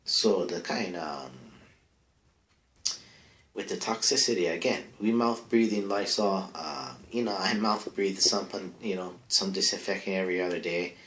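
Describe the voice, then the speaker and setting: A man's voice: low voice, a little slow, a bit bright, roomy sound. A man doing a rambling comic monologue as an advice-show persona, bro-ish in manner and trailing off into mumbled asides.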